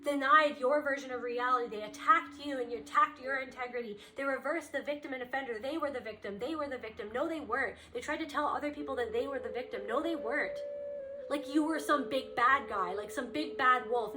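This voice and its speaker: A woman giving a spiritual card reading to the listener, impassioned and repetitive, circling back over her phrases as she speaks straight to them. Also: sits high. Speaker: spiritual reader. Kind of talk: intuitive card reading to camera.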